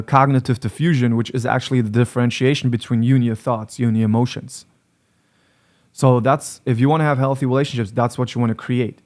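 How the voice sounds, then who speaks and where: A male relationship coach with a mid-range, darkish voice gives blunt advice straight to camera. He lectures, repeating his points for emphasis.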